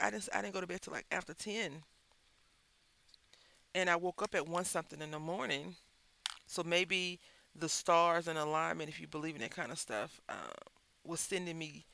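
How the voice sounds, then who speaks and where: A man's voice: a little high, vocal fry, bright, forceful tone. A man chatting casually to viewers while making a craft album, telling a rambling, candid story and addressing them as y'all. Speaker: craft vlogger.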